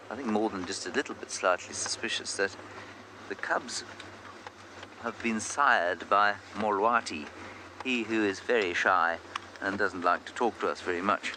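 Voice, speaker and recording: A man's voice: fairly low pitch, sharp tone. A man working as a safari guide, giving chatty, self-deprecating commentary on a live game drive from an open vehicle outdoors. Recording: outdoor noise from a moving vehicle.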